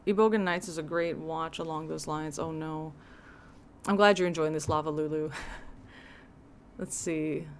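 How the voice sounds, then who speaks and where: Brief: a woman streamer, slightly low voice, wry and sarcastic commentary, a faint hiss behind her. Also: gravelly. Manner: sarcastic, wry, laughing asides. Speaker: livestream host. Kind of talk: livestream reaction commentary.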